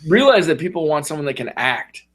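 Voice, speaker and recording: Man, higher-pitched voice, casual podcast chat, animated storyteller, acts out characters. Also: a little fast. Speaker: podcast co-host.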